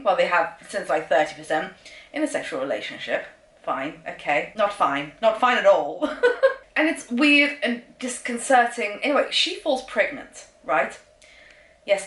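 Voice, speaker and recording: A woman's voice: mid-range voice, fairly bright tone. A woman reviewing a book in a casual vlog, sarcastic and exasperated, with nervous laughter, recorded at home. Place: room at home. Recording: roomy echo.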